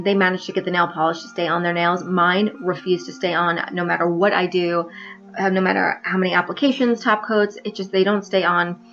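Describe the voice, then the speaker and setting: A woman's voice: medium pitch, fairly bright tone, dull audio. A woman from New York with a trained, neutral American accent, bluntly and wryly confessing in a profane vlog monologue. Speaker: vlogger.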